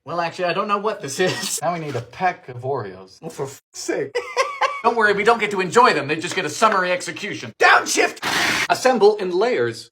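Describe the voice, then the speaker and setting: A man's voice: pushed and bright, a little hiss or hum. Theatrical man hosting a cooking show. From Bermuda. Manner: theatrical, wry asides, sudden swoops into high exclamations. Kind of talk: comedic recipe narration.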